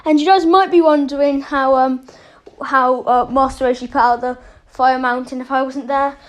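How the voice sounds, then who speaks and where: A woman's voice: sits high, steady tone, moderate pace. A woman casually telling a made-up story as a channel host, rambling and correcting herself often. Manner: rambling, with many fillers and self-corrections.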